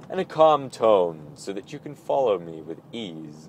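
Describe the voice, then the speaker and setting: A man's voice: mid-range voice, very animated, normal speed, hardly any pauses, dry recording. A man recording an audio blog, talking through his thoughts in a playful, self-mocking, rambling way. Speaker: audio blogger. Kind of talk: casual spoken reflection.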